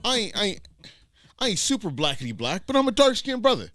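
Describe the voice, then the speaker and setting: A man's voice: high voice, sing-song, brisk, a bit bright, no room sound. A man co-hosting a podcast in casual, profane banter over a video call, laughing often and drifting into playful sing-song. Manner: crude, laughing, playful mock-singing. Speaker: co-host. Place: dim room, on a video call.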